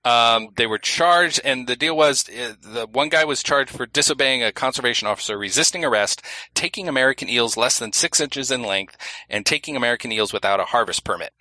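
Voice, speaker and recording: A man's voice: medium pitch, a little fast, bright, forceful tone, no room sound, poor audio. A man co-hosting a casual podcast who laughs often, reads news stories aloud and. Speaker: podcast co-host.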